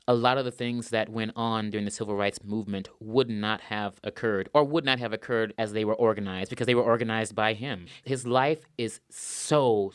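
A man's voice: fairly low pitch, clear, resonant tone, no room sound, clean studio sound. A man, an opera singer, answering interview questions in an earnest, thoughtful way and repeating words for emphasis.

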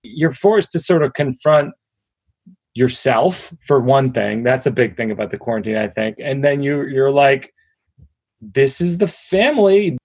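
A man's voice: medium pitch, normal speed, darkish tone, dry recording. Joking man, dry close sound. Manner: chatty, joking, self-deprecating. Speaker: comedian guest. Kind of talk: casual interview chat.

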